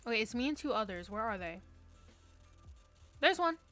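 Faint music plays behind a woman streaming a game from her bedroom, her slightly high voice sharp-toned, very animated, and moderately paced. She chats playfully, joking and pleading with exaggerated drama.

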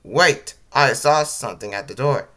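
A man's voice: mid-range voice, expressive, normal speed, fairly bright tone, natural voice. A man voicing an eager young male detective in a homemade story, speaking plainly.

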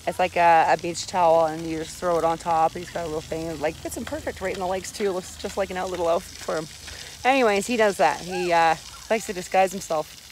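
A woman filming her son at an outdoor spray park on her phone, rambling casually with fillers and laughs, her voice a bit hoarse. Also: lowish voice, fairly quick, a little hiss or hum, low-quality recording. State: hoarse from screaming.

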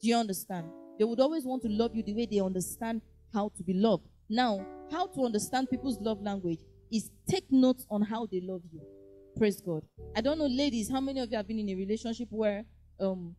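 A woman preaching in a lively way, acting out little dialogues and often saying "praise God". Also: mid-range voice. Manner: animated, acts out dialogue, frequent "praise God". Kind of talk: lively sermon teaching.

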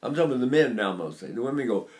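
An older man teaching singing, talking in an animated, digressive way and breaking into sung vocal demonstrations. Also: mid-range voice, racing. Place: Seattle area.

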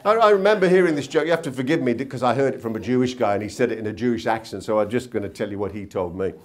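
A man's voice: mid-range voice, racing. A man giving a motivational seminar talk in a hotel conference room, telling anecdotes and asking tag questions. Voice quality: animated storyteller, asks tag questions. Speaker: seminar speaker.

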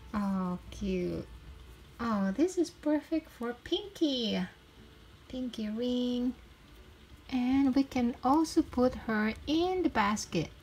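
A woman's voice: fairly high pitch, expressive, drawn-out words, darkish tone, slight background noise, poor audio. A young woman hosting a casual toy unboxing video, chatty and giggly with cheerful exclamations. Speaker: toy unboxing channel host. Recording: packaging crinkles and clicks throughout. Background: crinkling packaging.

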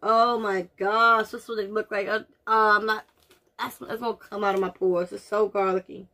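A woman's voice: medium pitch, fairly even intonation, a little fast, a bit bright. A woman doing a casual taste-test vlog, groaning and reacting dramatically as she talks straight to her viewers. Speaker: vlogger.

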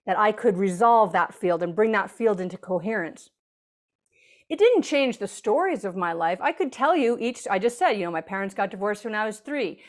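A woman author as an interview guest, explaining earnestly and now and then acting out quoted voices. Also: mid-range voice. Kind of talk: conversational interview.

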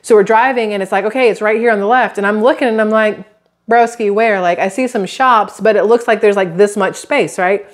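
A chatty YouTube creator in her thirties, with a drawl and a medium pitch for a woman, talks directly to her viewers in a casual vlog at a fairly quick clip. Her intonation stays fairly even as she rambles through stories, slipping into little quoted voices.

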